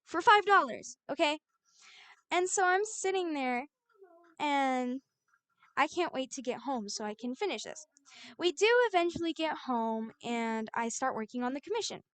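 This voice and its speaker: A young woman artist telling a storytime vlog in an animated, exasperated way. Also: sits high, moderate pace.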